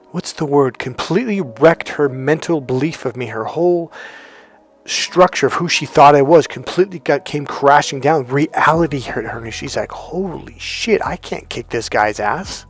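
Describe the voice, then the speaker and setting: A man working as a dating coach, telling a personal story as advice in a profane, emphatic way. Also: a little high. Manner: profane, emphatic, repeats "here's the deal".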